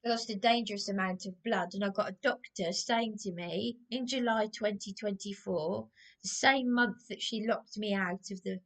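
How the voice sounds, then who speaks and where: A woman's voice: mid-range voice, normal speed. A woman posting an angry, stumbling rant on her own channel, repeating herself as she accuses people directly. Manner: accusatory, repetitive, stumbling over words. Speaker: YouTuber.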